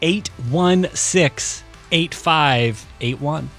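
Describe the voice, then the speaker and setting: A man's voice: on the high side, very slow, a bit bright, soft background music. A man co-hosting a radio show, teasing in casual chat and turning earnest for a fundraising appeal. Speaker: radio host.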